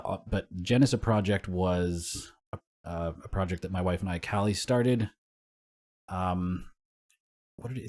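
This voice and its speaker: Young man, low voice, casual podcast co-host, rambling, swears a lot. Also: a little mellow. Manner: rambling storyteller, swears and laughs often.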